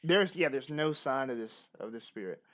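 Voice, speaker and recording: A man narrating as game master of a horror tabletop game, with halting, filler-heavy delivery. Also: medium pitch, animated, fairly bright tone. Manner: narrates with many fillers and restarts.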